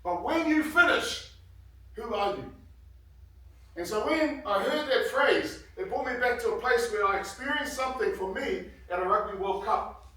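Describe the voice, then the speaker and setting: High-voiced man speaking in an echoey hall. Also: lively intonation, moderate pace, bright, forceful tone, far from the mic. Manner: earnest storytelling, grows emotional. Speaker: guest speaker, former rugby player. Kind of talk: motivational speech to students. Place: large hall with an audience. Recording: very echoey hall, heard from afar.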